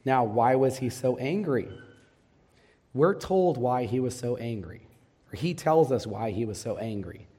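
A man in his thirties preaches a sermon in a large hall, and his voice trails off into a long reverb. His tone is dark and mellow, and he keeps asking the congregation questions, then answers them himself. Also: medium pitch, lively intonation, a little slow, breathy edge. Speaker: pastor.

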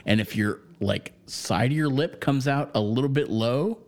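At medium pitch and normal speed, a man chats about a movie as co-host of a podcast. He wanders through his thoughts, cursing freely and filling gaps with lots of filler words in relaxed conversation.

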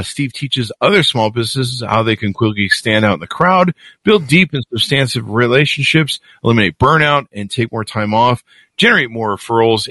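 A man's voice: mid-range voice, a bit bright, dry recording. A man hosting an interview show who introduces his guest and trades self-deprecating jokes. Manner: jokey, self-deprecating banter. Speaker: show host. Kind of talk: casual interview conversation.

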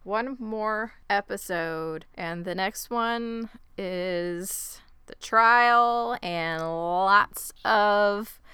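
A woman co-hosting a podcast, retelling a story in casual chat with wry, sarcastic asides and quick acted-out lines. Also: medium pitch, sharp tone, smooth, no room sound. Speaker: podcast co-host recapping a show.

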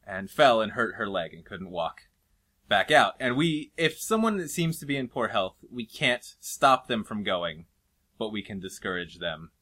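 A man in casual chat telling an anecdote in a relaxed, drawn-out way. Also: lowish voice.

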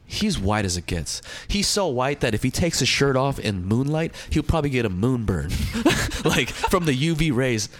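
A young man co-hosting a loose comedy podcast, with a mid-pitched voice that rises and falls freely. He spins sarcastic stories and keeps dropping into impressions. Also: moderate pace, few pauses. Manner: animated storyteller, acts out quotes, sarcastic. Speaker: podcast co-host. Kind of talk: casual comedic chat.

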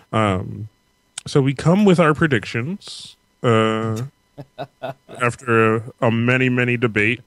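A man's voice: mid-range voice, takes it slowly, a bit bright, no room sound. A young man co-hosting a casual podcast, joking around and hesitating with lots of fillers as he talks. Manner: hesitant, many fillers, jokey. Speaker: podcast co-host.

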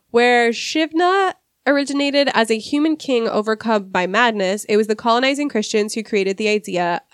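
A woman's voice: a little high, no echo, studio quality. A woman hosting a casual literary discussion podcast, reading quoted passages and stumbling over hard words. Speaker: podcast host.

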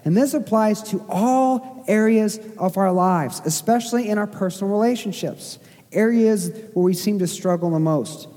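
A man's voice: sits high, normal speed, mellow. A male pastor from Missouri preaching a sermon in a conversational way, with self-deprecating asides and frequent fillers. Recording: long church hall reverb.

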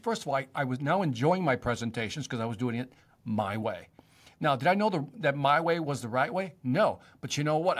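Brief: male guest speaker, mid-pitched, punchy motivational storytelling. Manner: emphatic, motivational storytelling that repeats key lines. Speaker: sales expert and speaker, podcast guest. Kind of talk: conversational interview.

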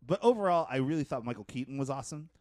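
A man in casual podcast chat about movies, chatty and quick to laugh. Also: mid-range voice, dry recording. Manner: chatty, animated storyteller, laughs often.

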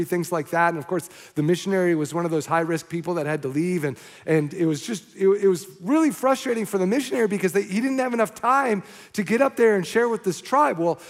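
A man's voice: sits high, big-room sound. A man preaching a sermon, telling a story animatedly, acting out the quotes and restarting his sentences often. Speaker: pastor.

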